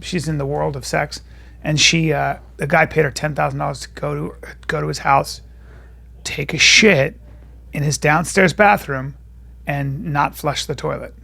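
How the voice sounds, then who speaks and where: Male comedy podcast host with a raspy, fry-heavy voice and a loose, rambling, profane delivery. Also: on the high side, fairly even intonation, normal speed, pushed and bright. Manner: crude, rambling, swears freely. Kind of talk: casual comedic storytelling.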